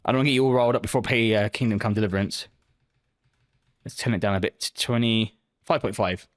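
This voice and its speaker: A man's voice: fairly low pitch, fast talker. A man live-streaming, chatting casually with viewers and answering their messages with lots of swearing and joking banter.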